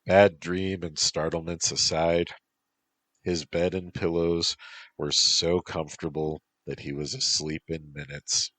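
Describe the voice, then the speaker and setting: A man narrating a story in a slow, even reading voice. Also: low voice, no echo.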